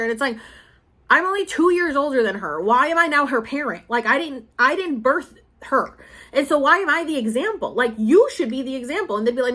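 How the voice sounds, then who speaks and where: A woman's voice: high voice, animated, a little fast, bright, forceful tone. A woman in her thirties vlogging in a casual, confessional way, rambling emotionally and saying "like" often. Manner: rambling and emotional, heavy use of "like". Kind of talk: casual confessional vlog talk.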